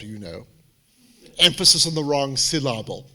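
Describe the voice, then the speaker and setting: A man speaking as a college admissions adviser, giving a lively, theatrical presentation to students and parents. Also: mid-range voice, moderate pace. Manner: animated, theatrical, jokey storyteller.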